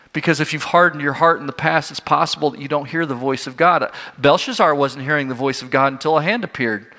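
A male pastor delivers an earnest sermon, pressing his listeners with questions. His voice is bright and sits a little high. The sound carries a long reverb from a large church space.

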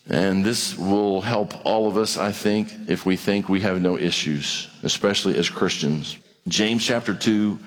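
Preaching man in a reverberant hall. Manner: conversational preaching with acted dialogue and wide pitch swings. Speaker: pastor. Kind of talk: sermon.

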